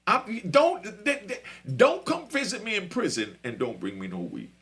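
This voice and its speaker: A man's voice: sits high, huge pitch swings, normal speed, a bit bright. A middle-aged man casually telling a prison story in loose street slang, often asking "you know what I mean?".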